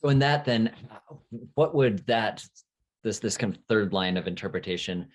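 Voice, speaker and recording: A man's voice: lowish voice, animated, moderate pace. A man interviewing a rabbi, thinking aloud with many hesitations and reflective asides. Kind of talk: conversational interview questions.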